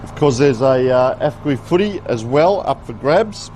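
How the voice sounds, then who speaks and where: A man's voice: medium pitch, expressive, a little slow, a little mellow. Man, local footy commentator, chatty, folksy, faint outdoor noise. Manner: chatty, folksy play-by-play with asides. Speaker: sports commentator. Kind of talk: live local football commentary. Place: outdoor football ground.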